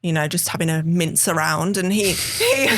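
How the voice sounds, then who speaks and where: A woman's voice: on the low side, wildly swooping pitch, normal speed, a bit bright. A woman with a thick Birmingham accent, a model chatting as a podcast guest, laughing often and swearing casually. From England.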